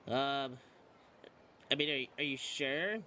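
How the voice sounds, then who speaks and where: A man's voice: medium pitch, slow, slight background noise. A man reading a game aloud, voicing a polite, timid teenage girl who apologizes and hesitates. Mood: puzzled. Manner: apologetic, soft-spoken, hesitant.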